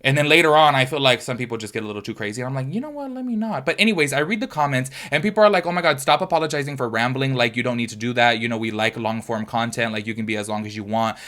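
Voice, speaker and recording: A chatty young man talking straight to his viewers in a casual vlog. He talks fast and runs on, and his voice sits at an ordinary middle pitch. He calls his audience y'all. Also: a bit bright. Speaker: beauty YouTuber.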